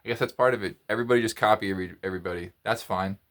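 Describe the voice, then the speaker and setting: A man with a somewhat low voice tells a story in a loose, casual monologue. He rambles, repeats himself and often restarts his sentences. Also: very fast, a bit bright. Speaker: podcast host.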